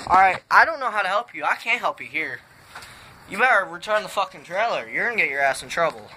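A young man vlogging in an exasperated, swearing rant, saying dude a lot, his voice cracking. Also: sits high. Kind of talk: casual vlog rant. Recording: noisy home-made recording.

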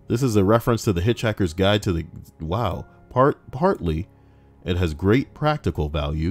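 Deep-voiced sarcastic young man. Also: darkish tone. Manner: rambling, sarcastic, swears freely. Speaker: YouTuber reading forum posts. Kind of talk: casual reaction commentary.

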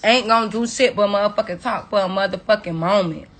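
A woman's voice: medium pitch, fast talker, a bit bright. A woman on a phone livestream, delivering a profane, confrontational scolding rant at her viewers. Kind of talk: angry rant on a social media livestream.

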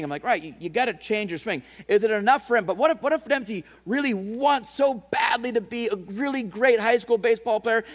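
A man's voice: high voice, long reverb tail. A man preaching a sermon as pastor, telling a story with restarts and repeated words, and building to emphatic calls to his church.

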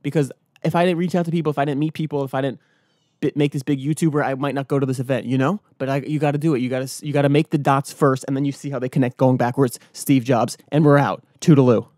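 A man hosting his own daily vlog and podcast, talking in an energetic, rambling, motivational way outdoors early in the morning. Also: mid-range voice, fast talker, dry recording, clean studio sound. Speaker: vlogger and podcast host. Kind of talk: casual solo vlog talk.

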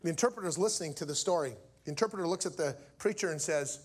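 High-voiced preacher telling a story. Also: male voice, fast, hardly any pauses, breathy edge. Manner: animated, acts out each character's lines. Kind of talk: storytelling sermon.

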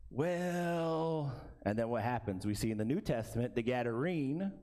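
A man's voice: mid-range voice, expressive, normal speed, dark tone. Man preaching with "right?" asides. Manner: asks the congregation "right?" often, with bursts of laughter. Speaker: pastor. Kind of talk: conversational sermon. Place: church sanctuary.

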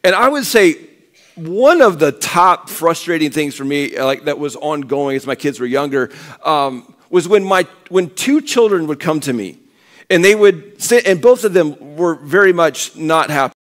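A middle-aged man preaching a sermon as pastor, conversational and animated, acting out quoted voices. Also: a little high, a little slow.

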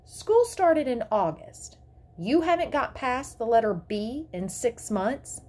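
A woman voicing a protective mother who speaks in a firm, controlled, sharp way while reading a story aloud. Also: fairly high pitch, big pitch swings, slow, pitched above the performer's own voice, exaggerated voice. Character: fierce protective mother of a disabled girl.

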